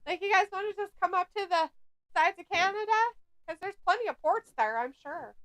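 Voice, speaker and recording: A woman's voice: extremely high pitch, fairly quick. An American woman co-hosting a casual livestream chat, telling stories with lots of swearing and frequent laughter. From United States. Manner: profane, laughs often, animated storytelling. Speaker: co-host of a wrestling watch-along stream.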